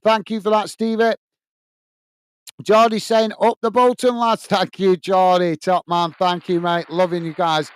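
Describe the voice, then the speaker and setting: A man's voice: high-pitched, flat delivery, unhurried, clear, resonant tone. A man from England hosting a live football watch-along, calling the play and chatting as he reads out viewers' comments, openly backing his own team. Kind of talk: live fan commentary and chat reading.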